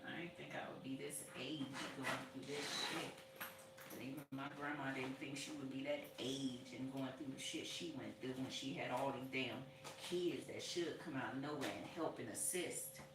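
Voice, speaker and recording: A woman's voice: extremely low pitch, steady tone, moderate pace. A woman rambling casually and profanely to herself as she cleans at home, joking with her viewers. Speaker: vlogger. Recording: very echoey room, far mic, loud background noise.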